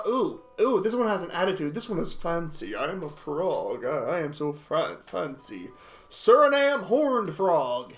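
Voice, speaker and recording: A high-pitched man with a bright, forceful voice, reacting to animal clips and reading facts aloud. He is jokey and excitable, laughing often and tripping over words, with faint music playing behind him. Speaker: video reactor.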